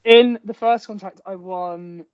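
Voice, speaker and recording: A man's voice: sits high, fairly even intonation, a little slow, clean tone, no room sound. A man who is an actor, chatting as an interview guest and telling stories with lots of "like" fillers, speaking through headphones. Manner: chatty storytelling with many "like" fillers. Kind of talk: casual interview chat. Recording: dull lo-fi sound.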